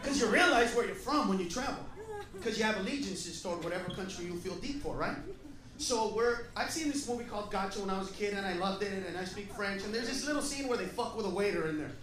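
A man doing stand-up comedy, loud and profane, acting out other people in shouted put-on voices. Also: high voice, animated, quick pace, distant mic. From United States. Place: comedy club stage. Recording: echoey venue, crowd laughter, loud noise.

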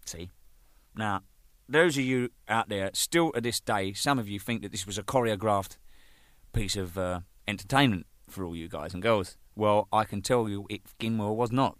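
An older man, a band's drummer, telling rambling, profane stories, laughing and acting out the shouting in them. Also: on the low side, moderate pace, no room sound, clean studio sound. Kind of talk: casual anecdotal storytelling.

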